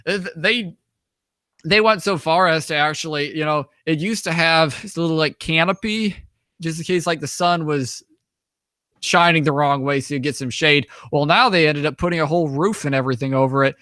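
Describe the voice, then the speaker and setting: A man's voice: on the high side, moderate pace, bright, forceful tone, dry recording, clean studio sound. A young man casually telling travel stories over slides, rambling with many restarts and fillers. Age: young adult. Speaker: guest, author and traveler.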